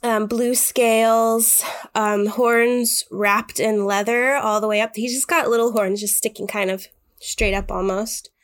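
A woman's voice: fairly high pitch, steady tone. Woman player describing her character. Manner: slow, giggly narration.

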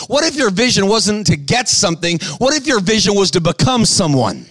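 A man preaching a sermon to a live crowd, shouting to rouse the audience and calling for responses. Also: high voice, lively intonation, dry recording. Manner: bursts of quick patter between slow, stressed lines.

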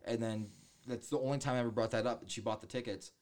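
A man telling animated stories in casual chat, mimicking voices in quotes and swearing often. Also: mid-range voice, quick pace.

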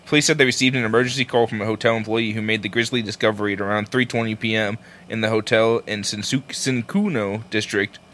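A man's voice: on the low side, fairly even intonation, fast talker, hardly any pauses, fairly bright tone, slight background noise. A man co-hosting a casual podcast, jokey and profane as he tells stories and reads news. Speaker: podcast co-host. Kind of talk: casual chat.

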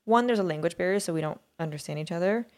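A woman co-hosts a podcast in a casual, rambling chat full of fillers and restarts. Her voice is fairly low and a little mellow, and she talks fast.

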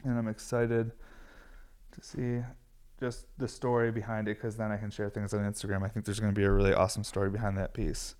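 Tired, raspy man in his thirties. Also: fairly low pitch, little pitch movement, brisk, a little mellow. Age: 30s. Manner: rambling, profane, laid-back. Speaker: glassblower podcast host. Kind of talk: casual podcast chat.

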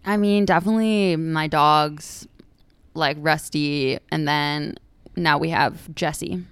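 Young woman with a smooth, low voice. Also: no room sound. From San Francisco. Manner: supportive, reactive listener with quick laughs. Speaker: podcast co-host. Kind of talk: casual chat.

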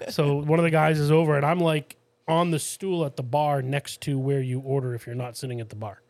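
A man's voice: fairly high pitch, steady tone, moderate pace, gravelly, a little mellow, no room sound. A man, co-hosting a podcast and telling rambling stories in a casual chat, full of fillers, laughs and swearing. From Massachusetts, USA. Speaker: podcast co-host.

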